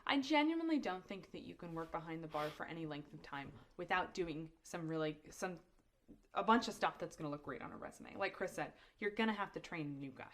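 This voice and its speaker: Lower-voiced upbeat woman podcast host. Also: fairly quick. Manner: upbeat, laughs often, lively emphasis. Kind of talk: casual chat.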